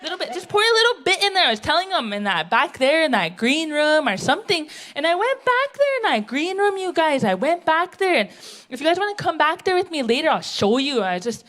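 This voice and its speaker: A woman's voice: high-pitched, a bit bright. A woman on a theatre stage playing a brash, chain-smoking middle-aged auntie in a live comedy monologue, rambling, indignant and laughing at herself.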